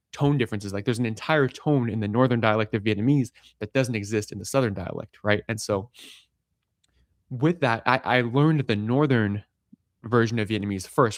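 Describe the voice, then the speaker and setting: A man's voice: lowish voice, dry recording, clean studio sound. A young man talking casually about learning languages, full of filler words and "right?" checks. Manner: chatty, many filler likes and rights. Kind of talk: casual monologue.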